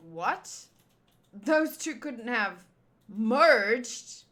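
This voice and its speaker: A young woman reads a comic aloud and comments on it, with giggly asides and jokes. Her voice is high and bright. She speaks unhurriedly and with a lot of rise and fall. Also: slow pace. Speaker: channel host. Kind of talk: manga readthrough with commentary.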